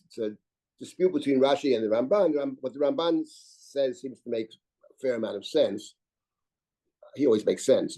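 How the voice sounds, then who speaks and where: Older rabbi giving a torah class, warm mellow voice, rambly w lots of restarts. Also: male voice, on the high side, rough recording. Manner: discursive, reads Hebrew verses aloud, frequent restarts and asides. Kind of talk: lecture on biblical commentary.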